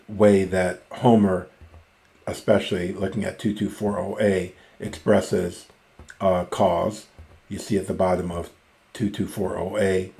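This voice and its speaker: A middle-aged man gives a methodical reading lesson, reading each line aloud before parsing it word by word. His voice sits fairly low and sounds mellow and relaxed. He talks at an unhurried, deliberate pace. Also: gravelly. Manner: slow, methodical, reads lines aloud then parses each word. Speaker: Greek teacher. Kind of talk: reading lesson on a classical text.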